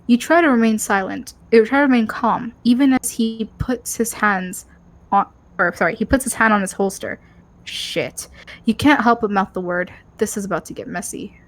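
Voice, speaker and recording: A woman's voice: on the high side, brisk. A woman co-host reading a story game's narration aloud, stumbling over words and laughing often.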